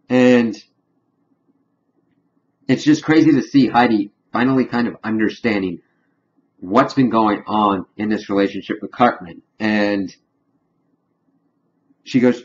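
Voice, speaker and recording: A man reviewing a cartoon episode in a casual spoken recap, retelling it animatedly and dipping quiet then loud. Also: lowish voice, a little slow, pauses often. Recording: dull lo-fi with faint hum.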